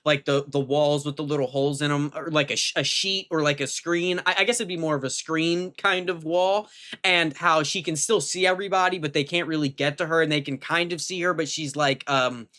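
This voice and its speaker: A man's voice: fairly even intonation, brisk, bright, forceful tone. A young man giving a casual, rambling movie review vlog, full of fillers and restarts, now and then swearing, his voice jumping up when he gets emphatic. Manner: pitch jumps up when emphatic.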